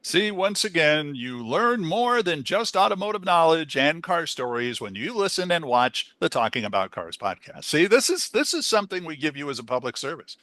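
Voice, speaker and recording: A man's voice: on the high side, very animated, moderate pace, few pauses, bright, forceful tone, dry recording. A man co-hosting a podcast, chatty and playful, asking questions and plugging the show. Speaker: podcast co-host. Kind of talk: casual podcast chat.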